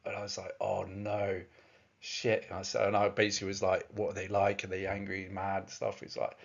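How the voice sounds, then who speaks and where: A man's voice: low-pitched, completely flat delivery, fast talker, creaky, lo-fi sound. A man telling a long personal story in a casual, rambling way, with many fillers and restarts. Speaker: presenter.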